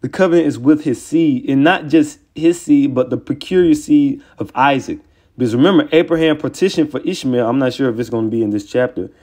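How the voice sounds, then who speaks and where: A man teaching scripture in a heated online sermon, combative and excitable, taunting opponents with profanity, then reading verses aloud and stopping to comment on them. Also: medium pitch, fairly quick. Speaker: religious teacher.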